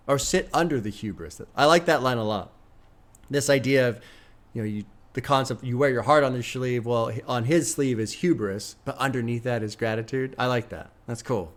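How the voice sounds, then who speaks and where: An excitable, profane man reacting live. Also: medium pitch, moderate pace. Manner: excitable, profane, chatty, laughs often. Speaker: music reaction streamer. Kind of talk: first-listen album reaction.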